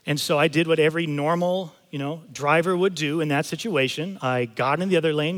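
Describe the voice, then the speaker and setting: A male pastor delivers a sermon in a fairly high voice, moving between scripture reading and casual, emphatic storytelling. His voice carries a long reverb from a church auditorium. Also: a little fast, hardly any pauses, a bit bright. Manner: conversational storytelling, emphatic asides. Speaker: campus pastor.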